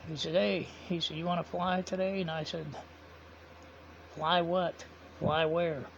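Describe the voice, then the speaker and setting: A man's voice: on the high side, level tone, unhurried, a bit bright, a little hiss or hum. A man telling a personal story in a casual, rambling way, retelling each conversation with "I said" and "he said". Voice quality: gravelly. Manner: rambling, repeats quoted dialogue with "I said" and "he said". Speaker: vlogger. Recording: dull lo-fi sound.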